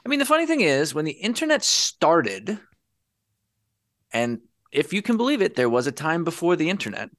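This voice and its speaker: Lively, sarcastic man hosting a podcast. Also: a little high, moderate pace, no echo, studio quality. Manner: wry, sarcastic, lively delivery. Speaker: podcast host. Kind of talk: casual podcast chat.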